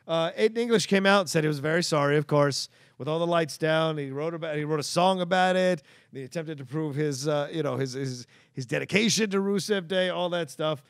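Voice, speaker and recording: A man's voice: a little high, no room sound, clean studio sound. A man co-hosting a wrestling recap show, joking and bantering casually. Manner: quick, gravelly, jokey banter. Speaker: wrestling podcast co-host.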